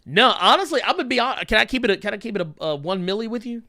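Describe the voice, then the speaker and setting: A man's voice: sits high, animated, very fast, pushed and bright, no room sound. A man in his thirties hosting a podcast, talking animatedly, laughing and swearing freely. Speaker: podcast host. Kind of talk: casual chat.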